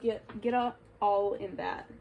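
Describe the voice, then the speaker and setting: A young woman from New York talks excitedly to camera, gushing with many ums and little giggles. Her pitch sits in an ordinary middle range. A faint hiss of noise runs under the recording. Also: measured pace, vocal fry, highs cut off. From New York state. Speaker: vlogger. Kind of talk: casual vlog chat.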